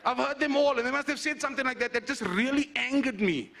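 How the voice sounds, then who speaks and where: South african guy doing a funny motivational speech, really high bright voice, lively storytelling. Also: fast, gravelly. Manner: animated storytelling. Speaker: speaker at an awards event.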